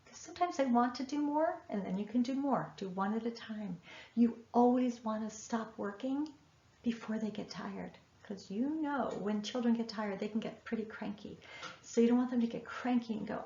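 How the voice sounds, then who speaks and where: Gravelly-voiced woman teaching in echoey room. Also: on the high side, moderate pace, mellow. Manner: earnest, emphatic advice to parents. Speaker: writing educator. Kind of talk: recorded masterclass lecture. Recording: echoey room, dull lo-fi sound.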